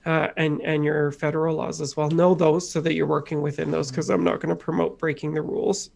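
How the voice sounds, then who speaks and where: A man's voice: fairly high pitch, a little fast, creaky. A middle-aged man co-hosting a life coaching podcast, telling stories earnestly in casual chat. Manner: earnest, animated storytelling with acted quotes.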